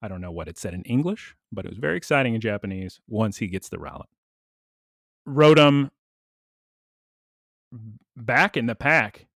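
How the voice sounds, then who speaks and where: A man's voice: mid-range voice, animated, normal speed, creaky, long pauses, a bit bright, dry recording, clean studio sound. A man co-hosting a podcast, recapping an episode in casual chat and slipping into little character voices. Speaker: podcast co-host.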